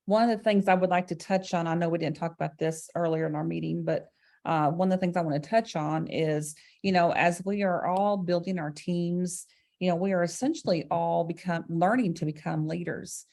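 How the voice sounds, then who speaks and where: Lower-voiced woman hosting a chat. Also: steady tone, mellow. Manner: measured, encouraging, leads the topics. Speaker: host. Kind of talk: casual recap chat.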